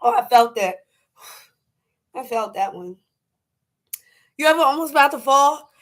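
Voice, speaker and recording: A woman, hosting a casual livestream chat, joking and animated. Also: high voice, measured pace. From New York. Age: 40s. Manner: animated, joking, breaks into laughs and shouts. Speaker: livestream host.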